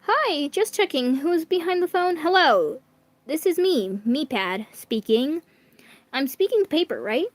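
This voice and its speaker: A woman's voice: high voice, lively intonation, a little slow, no room sound, pitched above the performer's own voice. A woman voicing a polite, slightly robotic talking tablet assistant in a story she reads aloud. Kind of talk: storybook reading.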